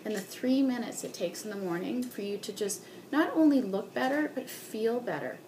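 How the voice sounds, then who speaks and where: A woman giving a sales training talk as a beauty consultant, animated, acting out customers and ending lines with "okay?". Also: a little high, normal speed, noisy background.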